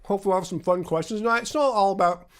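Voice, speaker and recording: A man with a high-sitting voice talks very fast while hosting a casual livestream from a home room with a laptop. He rambles loosely, full of ums and chatty asides.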